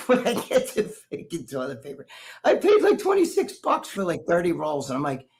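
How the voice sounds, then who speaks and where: A man's voice: a little high, huge pitch swings, moderate pace, darkish tone. A man with a New Jersey accent, co-hosting a live stream and telling rambling, profane stories in casual chat. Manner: profane, rambling storyteller who acts out other people's voices. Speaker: co-host of a live stream talk show.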